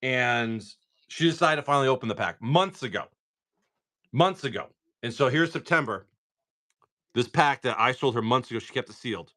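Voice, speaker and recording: A man running a live card sale, talking in a rambling, chatty way and often restarting. His pitch is animated, and his voice is bright and forceful. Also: moderate pace. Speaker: live card-break seller. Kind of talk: casual live-stream chat.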